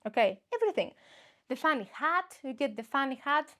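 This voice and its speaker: Woman, young adult, somewhat high voice, rambling comic monologue, self-mocking, laughs a lot. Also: animated, a little fast, bright, forceful tone. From Greece. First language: Greek. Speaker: comedian podcast host. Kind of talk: comedic monologue.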